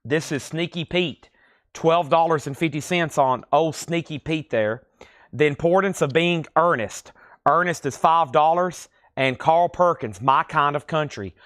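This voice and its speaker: A man with a lilting Tennessee accent hosting a live-stream record sale, reading titles, conditions and prices in a steady, easy patter. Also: on the high side, unhurried, no echo, studio quality. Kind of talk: live-stream auction selling.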